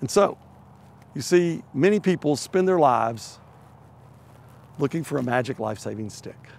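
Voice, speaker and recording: A man's voice: medium pitch, animated, unhurried, creaky, a little mellow. A middle-aged man preaching a sermon, telling a children's animal story with playful voices before turning to its lesson. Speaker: pastor.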